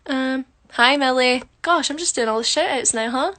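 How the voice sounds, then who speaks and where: Chatty high-voiced woman on a phone livestream. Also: moderate pace, bright, forceful tone. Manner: chatty, teasing, jokes with viewers while doing her makeup. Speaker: livestream host answering viewer comments. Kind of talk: casual chat.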